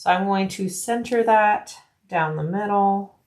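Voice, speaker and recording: A woman narrating a casual sewing tutorial, explaining each step in a relaxed, practical way and thinking aloud with frequent ums. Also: medium pitch, unhurried. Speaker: bag-making tutorial host.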